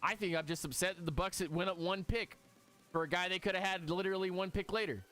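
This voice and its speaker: A man hosting a live stream, reacting excitably and talking to his chat in casual commentary. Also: sits high, fast, soft background music.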